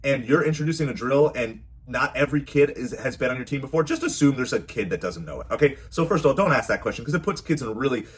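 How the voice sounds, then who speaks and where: A man's voice: medium pitch, animated, fast, few pauses, husky. A man who is a youth baseball coach and parent, giving casual, earnest advice to camera and often repeating his phrases.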